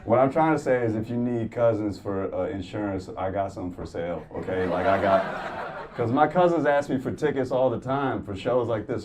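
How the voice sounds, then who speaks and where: Male stand-up comic, low-pitched, profane and animated, club stage sound, mic a bit far, noisy room. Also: normal speed. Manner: profane, animated storytelling, acting out quotes. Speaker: stand-up comedian. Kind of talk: stand-up comedy set. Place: comedy club stage before a laughing crowd. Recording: distant mic, audible room noise.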